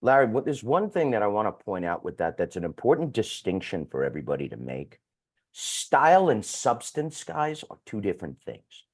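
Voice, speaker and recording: A man speaking as a guest sales coach who talks fast, bluntly and with some swearing. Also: fairly low pitch, sing-song. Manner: fast-talking, blunt and profane.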